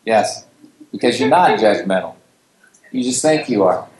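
A man's voice: fairly low pitch, expressive, measured pace, a little mellow. A man co-hosting a casual talk show, teasing and talking in loose restarts. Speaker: co-host. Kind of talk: casual chat. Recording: roomy echo with faint background noise.

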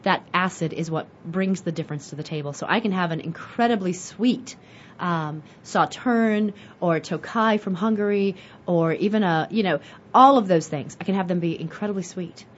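A woman's voice: lowish voice, moderate pace. An American woman hosting a wine show, chatting casually as she teaches and asking and answering her own questions with animation. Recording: dull lo-fi audio with faint hiss.

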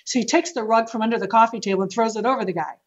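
A woman tells stories in an animated, casual way, laughing and restarting her sentences. She works as a real estate agent and speaks as a podcast guest. The recording sounds dull and somewhat lo-fi. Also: on the high side, very fast. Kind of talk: casual storytelling interview.

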